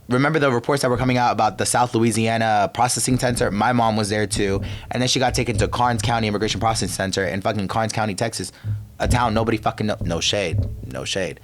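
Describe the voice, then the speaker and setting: This medium-pitched recording carries a slight hiss or hum. It features a young Virginia man, a podcast host, ranting casually and profanely, his brash thoughts often trailing off unfinished.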